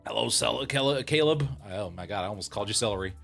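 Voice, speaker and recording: A man's voice: fairly low pitch, lively intonation, quick pace, gravelly, a bit bright, soft background music. Chatty, laughing male streamer. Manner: chatty, laughing, self-deprecating. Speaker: streamer and voice actor. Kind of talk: casual chat with a live stream audience.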